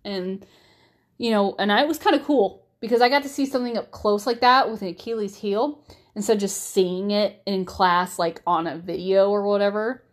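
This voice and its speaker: A woman's voice: mid-range voice, normal speed. A young woman, a mother, chatting candidly to camera, with lots of fillers and restarts. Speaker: mother vlogger. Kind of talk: casual chat to camera.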